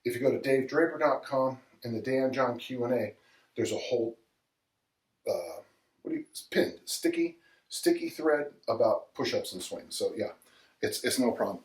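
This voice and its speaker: A man's voice: mid-range voice, lively intonation, normal speed. Chatty man in a roomy space. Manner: rambling and chatty, chuckling often, talking between sets of kettlebell swings. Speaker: strength coach. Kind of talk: casual livestream chat during a workout. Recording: roomy sound from a distant mic.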